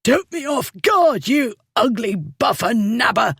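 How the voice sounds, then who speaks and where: A reader voicing a belligerent drunken man who bullies and hurls insults, in a rough voice pitched well above the reader's own. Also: very animated, slow pace, a bit bright, dry recording, studio quality, exaggerated voice. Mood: choking defiance. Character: coarse drunken male dog owner, bullying.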